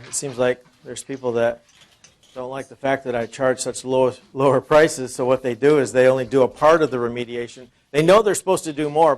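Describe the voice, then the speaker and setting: Guy running a lunch seminar, mid-pitch voice, chatty, keeps asking the room questions. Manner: conversational, rhetorical questions to the audience. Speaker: seminar presenter. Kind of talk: informal sales seminar talk.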